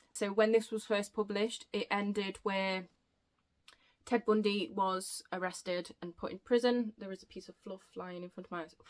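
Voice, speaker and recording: A woman chatting excitedly on her book vlog, gushing and rambling with self-interruptions, a bit out of breath. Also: medium pitch. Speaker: book vlogger. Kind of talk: casual chatty book review.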